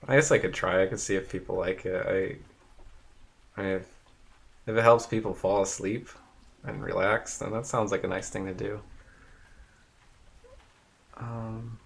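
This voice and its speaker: A man hosting a live painting stream, chatting casually and rambling with many fillers, in a fairly even tone. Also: fairly low pitch, slow pace, vocal fry, long pauses. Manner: says his voice rarely goes up or down.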